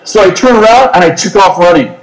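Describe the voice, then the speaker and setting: Lively, high-voiced male preacher. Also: quick pace, echoey room, heavy background noise. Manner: animated, self-mocking, comic storytelling. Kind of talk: storytelling sermon.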